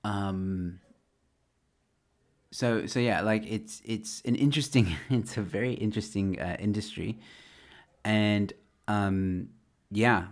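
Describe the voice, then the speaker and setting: A stand-up comedian chats casually on a livestream from his home, rambling with plenty of fillers and restarts. His voice is fairly low and slow with long pauses, picked up by a webcam or desk mic.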